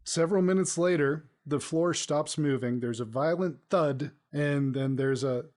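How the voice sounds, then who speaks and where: A man's voice: fairly high pitch, a little slow, a little mellow. A man acting as game master of a podcast tabletop game, describing scenes in an easygoing way.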